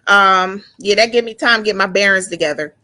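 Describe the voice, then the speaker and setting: A woman in her forties telling a painful personal story, halting and emotional, with frequent restarts and repeated words. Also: medium pitch, pushed and bright. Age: 40s. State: emotional, close to tears. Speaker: guest sharing her story.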